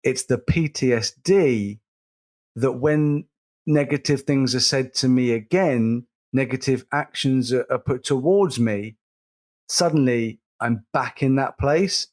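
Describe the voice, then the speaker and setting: A man, co-hosting a casual podcast, speaking earnestly and slowly, repeating words as he stresses a point. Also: mid-range voice, darkish tone. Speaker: podcast co-host.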